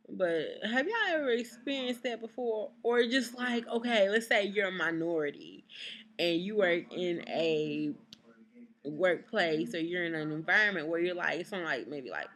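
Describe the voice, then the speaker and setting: A woman's voice: on the low side, moderate pace, fairly bright tone. A young woman, ranting to camera in a casual vlog, blunt and exasperated, swearing freely. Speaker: vlogger.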